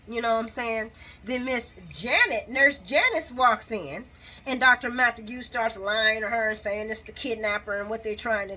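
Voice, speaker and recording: A woman giving a lively, casual recap of a soap opera, laughing often and acting out the characters' lines. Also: a little high. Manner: animated, laughs often, acts out quotes.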